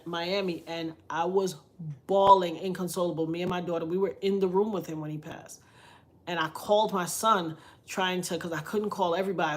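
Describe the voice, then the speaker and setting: A middle-aged woman talking casually on her vlog, emphatic and preachy, often dropping into quoted voices. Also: lowish voice. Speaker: vlogger.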